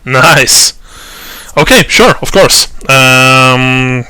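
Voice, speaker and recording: A man narrating a tabletop role-playing game as game master, slow and halting with many fillers and restarts. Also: medium pitch, pushed and bright.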